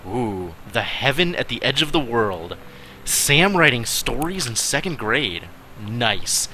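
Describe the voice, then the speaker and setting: A man streaming a narrative game, talking through it in relaxed, wry asides and often dropping into quiet mutters. His voice is bright and crisp, at a middle pitch, with a faint hiss behind it. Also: takes it slowly. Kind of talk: casual gameplay commentary.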